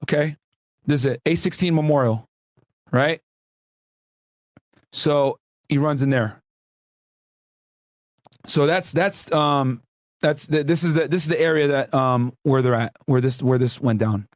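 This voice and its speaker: A young man hosting a casual, profane reaction commentary, animated and quick to laugh. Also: fairly high pitch, no room sound, studio quality. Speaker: YouTube commentary host.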